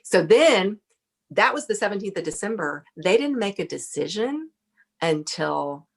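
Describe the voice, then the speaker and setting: A middle-aged woman, a podcast guest, telling a lively story, laughing often and acting out what people said. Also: medium pitch, unhurried, vocal fry, husky. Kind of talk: casual storytelling interview.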